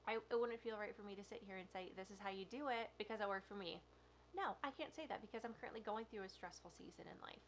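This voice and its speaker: A woman's voice: medium pitch, slight background noise. A young adult woman talking candidly and a bit rambling in a casual vlog. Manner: candid, meandering, soft at times. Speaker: vlogger. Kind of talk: casual confessional vlog chat.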